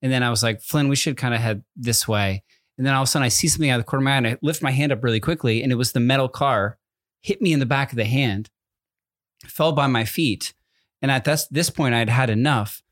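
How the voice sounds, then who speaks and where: A man's voice: medium pitch, fast talker, a bit bright, no room sound, clean studio sound. Rambling man telling a parenting story. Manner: rambling storyteller, self-correcting. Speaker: podcast co-host. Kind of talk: casual chat.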